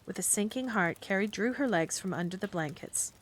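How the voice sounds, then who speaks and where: A woman reads a bedtime story aloud in a gentle, unhurried manner, her voice mid-pitched and even. She narrates steadily for a cozy stream, now and then chatting between passages. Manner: gentle, calm storytelling with asides to chat. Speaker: streamer reading a book aloud.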